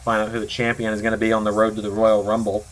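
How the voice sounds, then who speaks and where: A man's voice: lowish voice, completely flat delivery, fast talker. A man with a sore throat doing announcer-style play-by-play commentary for a video game wrestling show. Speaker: commentator, channel host.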